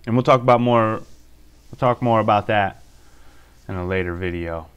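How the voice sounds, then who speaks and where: A man's voice: fairly low pitch, moderate pace, clear, resonant tone, highs cut off. A man in his thirties, a father hosting a casual home review vlog, laid-back and joking, swearing casually.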